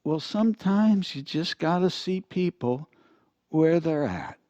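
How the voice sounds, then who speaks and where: An older man voicing a tough young man who is excited and admiring about motorbikes. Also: a little high, takes it slowly, dry recording, pitched above the performer's own voice. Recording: dull, lo-fi dry recording.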